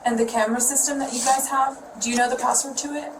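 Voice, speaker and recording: A woman police investigator asking calm, brief questions in an interview. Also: high-pitched, fast. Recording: distant mic with loud noise.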